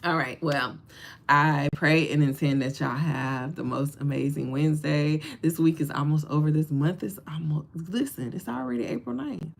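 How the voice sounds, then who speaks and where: This woman hosts a casual livestream in a low, gravelly voice at a moderate pace. Full of laughter and animation, she talks directly to viewers and encourages them in a preachy manner.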